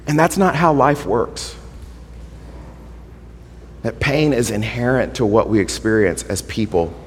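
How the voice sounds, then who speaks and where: Man, pastor, sermon, earnest, mid-pitched voice, emphatic then quiet, long hall echo. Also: slight background noise. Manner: earnest, builds to emphatic then drops to quiet, drawn-out words.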